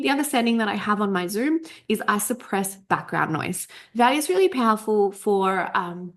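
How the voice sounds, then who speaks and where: A woman in her thirties talks through a podcast workshop in a loose, chatty way, punching her points hard and swearing casually. She stumbles and restarts and sounds a little coughy. The sound is close and clean from a desk microphone on a video call. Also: mid-range voice. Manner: chatty, emphatic, swears casually, trips on words. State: a bit coughy. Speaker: coach running a podcast workshop. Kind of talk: casual spoken workshop talk. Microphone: desk USB microphone over a Zoom recording.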